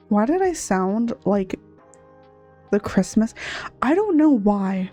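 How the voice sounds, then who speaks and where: A woman's voice: mid-range voice, very animated, takes it slowly, mellow, soft background music. A woman from Texas chatting casually on a live art stream, rambling and laughing often, still sniffly and coughing as she recovers from being sick. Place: home streaming setup at a laptop. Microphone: desk mic, not a headset.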